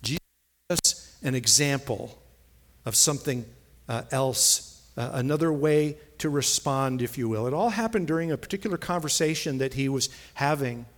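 A man's voice: mid-range voice, moderate pace. A man preaching a sermon, stressing key phrases and repeating lines for emphasis. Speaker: pastor.

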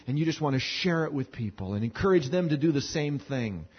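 A man preaching a conversational sermon, animated and acting out little scenes with voices. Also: on the high side, fairly quick, breathy edge. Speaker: pastor. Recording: muffled lo-fi sermon recording.

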